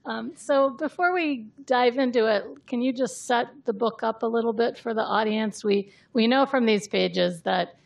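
A woman hosts a casual interview and chats warmly as she sets up a question for her guest. Her voice is heavily gravelly with constant fry. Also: fairly high pitch, moderate pace, hardly any pauses. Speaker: interview host.

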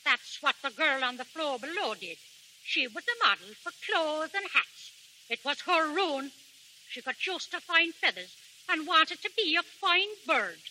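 Strict middle-aged mother, scolding, high bright voice, old radio play. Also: big pitch swings, unhurried, a little hiss or hum, heavily acted, poor audio. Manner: scolding and know-it-all. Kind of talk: 1930s radio acting.

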